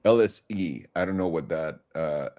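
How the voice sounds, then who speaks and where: A man's voice: sits low, normal speed, dark tone. A man co-hosting a casual market stream, bantering and joking with his partner. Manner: jokey, laughing, swearing. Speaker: co-host.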